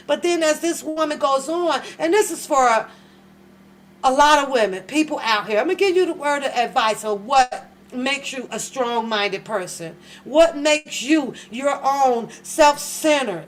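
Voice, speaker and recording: High female host, heated profane ranting commentary, loose and rambling. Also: low-quality recording. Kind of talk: casual reaction commentary.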